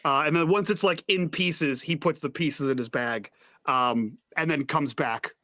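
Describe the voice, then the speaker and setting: A man playing a tabletop role-playing game, excitable and quick to laugh. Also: a little high, no echo, studio quality.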